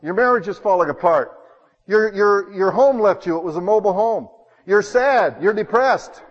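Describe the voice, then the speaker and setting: A man preaching a sermon, telling homey stories and swinging between loud bursts and hushed asides. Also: sits high, lively intonation, normal speed, long reverb tail, dull audio.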